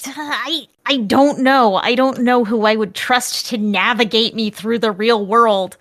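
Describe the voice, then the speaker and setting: A woman's voice: on the high side, fairly even intonation, a little slow, a bit bright. Hesitant woman musing on a podcast. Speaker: podcast co-host. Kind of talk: casual podcast chat.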